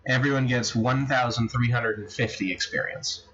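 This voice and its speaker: A man's voice: moderate pace, fairly bright tone. A man acting as game master of a tabletop game, thinking aloud with hesitant restarts. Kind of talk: running a tabletop game session. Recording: dull low-fidelity recording with faint noise.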